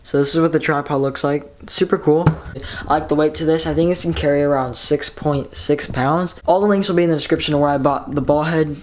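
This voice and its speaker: Excitable young man vlogging. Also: fairly high pitch, a little fast. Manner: excited, rambling, lots of "like". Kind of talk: casual vlog chat. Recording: background noise.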